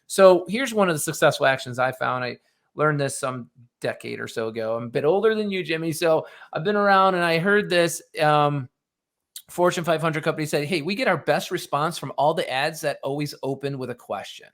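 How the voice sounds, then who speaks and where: A middle-aged man with a slightly high voice talks through business advice on a podcast. He is animated and conversational, and he slips into quick acted-out bits of dialogue to make his point. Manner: animated, acts out little dialogues. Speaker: podcast host.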